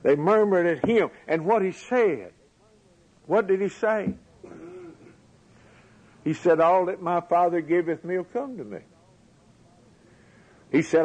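A man's voice: high voice, animated, unhurried, pauses often, a little mellow, slightly rough, lo-fi sound. A man preaching a sermon, building his points with rhetorical questions and a rising, emphatic cadence.

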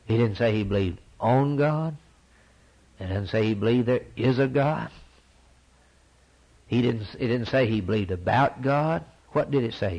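A man preaching a sermon, repeating phrases for emphasis and swinging from loud declarations to near-whispers. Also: mid-range voice, husky. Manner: dramatic swings from loud to hushed, repetitive emphasis.

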